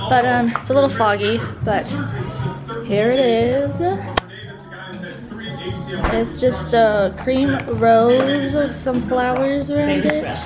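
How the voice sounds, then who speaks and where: A teenage girl vlogging casually, bubbly and gushing, with quick asides. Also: high-pitched. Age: teens. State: groggy morning voice. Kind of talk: casual vlog chat.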